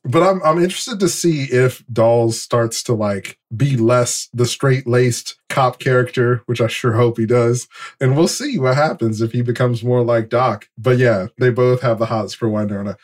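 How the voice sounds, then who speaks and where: A man's voice: mid-range voice, moderate pace. A man co-hosting a TV podcast in loose, rambling casual chat with fillers and laughs. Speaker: podcast co-host.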